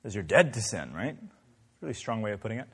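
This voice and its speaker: A man's voice: lowish voice, big pitch swings, fast talker, fairly bright tone, breathy edge, big-room sound. A man leading an interactive Bible class, asking the group many questions in a conversational way. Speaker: Bible study teacher.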